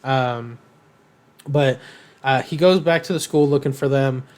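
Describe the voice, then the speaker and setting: Rambling through a cartoon episode on a casual podcast, this male co-host leans heavily on ums and cracks irreverent, throwaway jokes. He occasionally performs characters' lines in their voices, and his medium-pitched voice is a little mellow.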